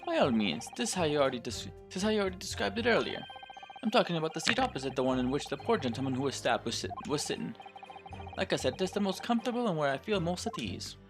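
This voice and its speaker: Man doing a high sly Irish moneylender, lively sing-song brogue, faint music behind. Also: fast talker. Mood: folksy. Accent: put-on Irish. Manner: folksy, sly, strained high put-on brogue. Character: shifty Irish male moneylender witness.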